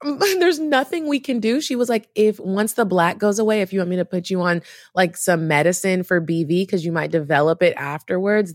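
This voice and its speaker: A woman telling a story in casual chat, animated and profane, acting out the voices of people she quotes. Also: on the low side, no room sound, clean studio sound. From Texas.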